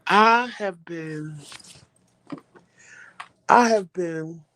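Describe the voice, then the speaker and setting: A woman hosting a vlog, telling viewers a story in a casual, animated way and often repeating phrases for emphasis. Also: lowish voice, extremely slow, a little hiss or hum. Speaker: vlog host.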